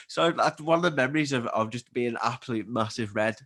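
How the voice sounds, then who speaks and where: Scouse man, twenties, casual chat, rapid-fire delivery, animated storyteller. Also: mid-range voice. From Liverpool, England. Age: 20s. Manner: animated storyteller, quick and chatty. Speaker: guest athlete.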